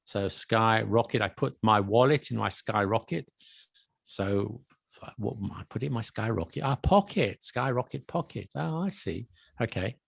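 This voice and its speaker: A man's voice: on the low side, normal speed, gravelly, breathy edge, no echo, clean studio sound. A man co-hosting a podcast, explaining things with patient examples in casual chat. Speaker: podcast co-host. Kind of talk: casual chat about accents.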